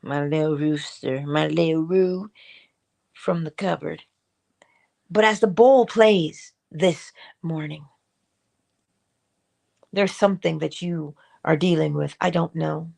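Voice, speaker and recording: Hosting a morning inspiration stream, a middle-aged woman with a creaky voice gives a spiritual motivational talk. She exhorts her listeners through repetition and drawn-out emphasis, her delivery expressive as it moves from dramatic high-pitched asides to quiet, low comments.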